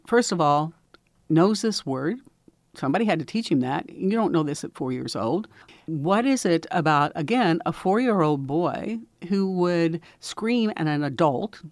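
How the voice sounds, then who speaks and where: A woman's voice: sits low, darkish tone, dry recording. An older woman from Indiana, telling personal stories in an earnest, reflective way. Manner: earnest storytelling with quoted voices. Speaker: speaker sharing personal views.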